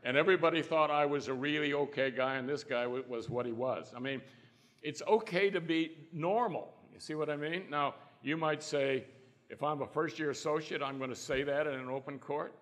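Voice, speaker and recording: A man's voice: on the high side, moderate pace, fairly bright tone. An older man, a trial lawyer on a panel, telling folksy anecdotes and acting out the quotes. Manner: folksy storyteller who acts out quotes. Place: conference hall. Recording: long reverb in a conference hall.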